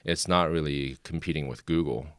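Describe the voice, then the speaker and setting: Very deep smooth-voiced man, dry sound. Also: moderate pace, no room sound. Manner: relaxed, easygoing, laughs often. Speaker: guest, marketing agency founder. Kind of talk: casual interview chat. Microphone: close podcast mic.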